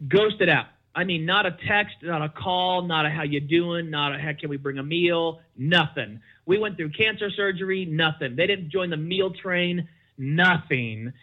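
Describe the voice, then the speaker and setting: A man's voice: unhurried, lo-fi sound. A middle-aged man, a podcast guest, telling a candid personal story and acting out the back-and-forth of quoted conversations. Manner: animated, acts out quoted exchanges with big pitch jumps.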